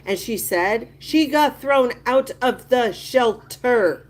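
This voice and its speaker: A woman's voice: on the high side, expressive, slow pace. A woman hosting a casual livestream, gossiping emphatically and reacting indignantly to viewer comments. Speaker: livestream host.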